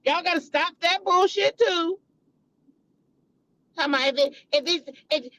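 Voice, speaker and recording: High-voiced female commentary host, blunt, profane, heated; AAVE speech. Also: animated, unhurried, sharp tone, no echo, low-quality recording. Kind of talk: casual commentary vlog.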